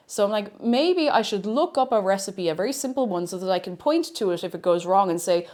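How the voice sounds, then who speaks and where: A woman's voice: mid-range voice, lively intonation, a little fast, hardly any pauses, a little mellow. A woman streaming herself cooking in a home kitchen, chatting casually and mocking herself as she rambles. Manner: rambling, self-mocking, talks to herself and chat. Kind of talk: casual live-stream chat while cooking.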